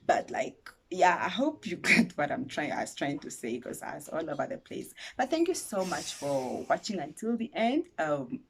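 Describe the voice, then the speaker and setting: A woman in her twenties with a Namibian accent, telling a story to her vlog viewers in a dramatic, animated way. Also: on the low side, a little hiss or hum. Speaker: YouTuber.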